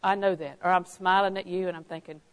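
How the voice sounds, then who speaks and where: A woman's voice: fairly low pitch, fairly even intonation, fast, smooth, poor audio. A woman preaching a sermon, stressing key phrases by repeating them and telling anecdotes with a chuckle.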